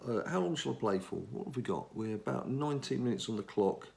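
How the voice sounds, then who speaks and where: A gaming channel host, middle-aged and from England, rambles casually while playing a mobile game, talking to himself throughout. He has a mid-range, darkish voice with vocal fry and lively intonation, speaking fairly quickly.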